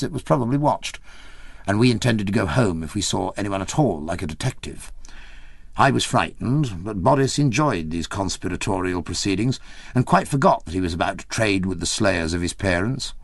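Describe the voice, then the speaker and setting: A man narrates an audiobook in a measured, wry storytelling manner. His voice sits low with a gravelly grain and swings widely in pitch. The sound is close and completely dry. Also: no room sound.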